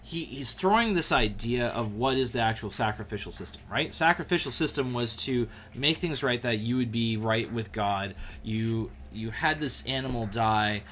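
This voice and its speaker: A man hosting a livestream, giving a casual devotional talk to viewers in an animated, joking way, often restarting his sentences. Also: mid-range voice, normal speed, few pauses, slight background noise. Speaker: livestream show host.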